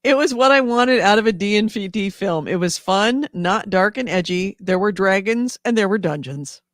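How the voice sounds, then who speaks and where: A man's voice: high-pitched, expressive, moderate pace, fairly bright tone, dry recording, studio quality. A man co-hosting a casual podcast chat in a laid-back way, laughing often. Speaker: podcast co-host.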